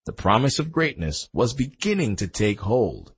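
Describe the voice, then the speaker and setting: A man's voice: medium pitch, big pitch swings, moderate pace, husky. A man narrating a nonfiction sports book in a dramatic storytelling manner, with emphatic swells on key moments. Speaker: audiobook narrator. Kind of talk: scripted narration.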